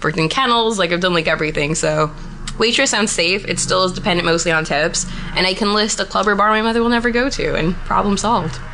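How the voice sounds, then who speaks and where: A woman's voice: medium pitch, a little fast, bright, forceful tone, slight background noise. A young woman talking in a casual chat, blunt, sarcastic and full of profanity. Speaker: guest.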